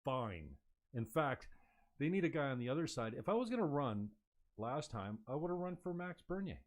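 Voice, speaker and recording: A man's voice: medium pitch, expressive, normal speed. A man in casual conversation, airing strong opinions bluntly. He rambles, circling back and restarting as he talks things through. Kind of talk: casual political chat.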